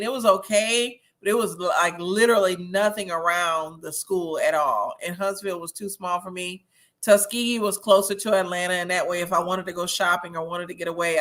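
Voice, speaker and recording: Chatty lady host on a livestream, kinda tipsy, bright sharp voice, laughing at the gossip. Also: lowish voice. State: a little tipsy. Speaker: host of a reality-TV review livestream. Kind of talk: casual livestream chat reading viewer comments.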